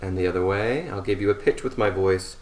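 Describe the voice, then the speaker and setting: A man teaching a seated voice warmup, giving slow, calm instructions between long sustained hums. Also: deep voice. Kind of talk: guided voice warmup. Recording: roomy echo.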